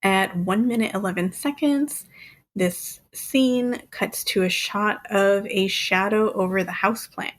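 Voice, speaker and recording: A woman in her thirties chats casually on a podcast. Her voice sits at an ordinary middle pitch. She talks freely and often breaks into light laughter as she tells her stories. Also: a little slow. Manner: chatty, laughs often while recounting. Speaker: podcast co-host. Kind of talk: casual chat.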